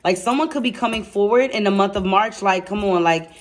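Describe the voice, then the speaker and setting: A woman giving a casual tarot reading to camera, excitable and chatty, blunt and slangy, speaking straight to her viewers. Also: mid-range voice, brisk. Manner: excitable and chatty, laughs and exclaims. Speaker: tarot card reader.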